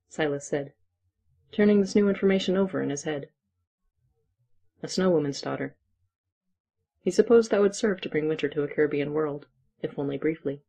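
A narrator reading a story aloud in a steady, even way. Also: mid-range voice, normal speed, vocal fry, pauses often.

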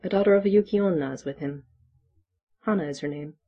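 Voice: medium pitch, brisk, highs cut off, lightly acted. A reader voicing a blunt old she-wolf. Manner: clipped, terse phrasing.

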